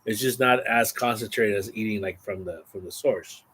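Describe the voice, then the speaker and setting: A man vlogging, telling a rambling, animated story casually to the camera. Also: on the low side, moderate pace, breathy edge. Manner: rambling, animated, exaggerating for effect.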